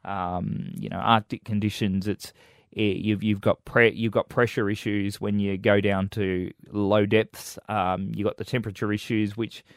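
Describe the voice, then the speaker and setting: A man's voice: lowish voice, flat delivery, normal speed, no room sound, studio quality. Hesitant man with a Kiwi accent. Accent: New Zealand. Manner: hesitant, many ums and restarts. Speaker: co-host. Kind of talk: casual tech news chat.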